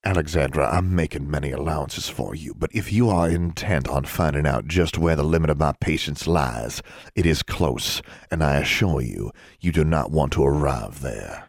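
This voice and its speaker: A man voicing a calm, commanding older wizard father who speaks quietly and measured. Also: very deep voice, no echo, clean studio sound. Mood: warning.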